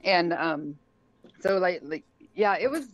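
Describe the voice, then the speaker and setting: A woman's voice: on the low side, slow pace, dry recording. A middle-aged woman telling a story casually on a podcast, laughing often and acting out what people said. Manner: animated, laughs often, acts out quotes. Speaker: guest. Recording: dull lo-fi sound.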